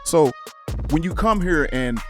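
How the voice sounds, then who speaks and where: A man's voice: fairly high pitch, expressive, a little slow, fairly bright tone, soft background music. A man hosting a reaction commentary show, speaking emphatically and building into heated, cursing rants. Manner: emphatic, rising into heated preaching, curses. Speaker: show host.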